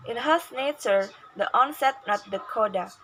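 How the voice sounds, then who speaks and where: A woman's voice: a little high, moderate pace, a bit bright, a little hiss or hum, low-quality recording. Woman student reading definitions aloud. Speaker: student presenter. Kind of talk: reading a class presentation.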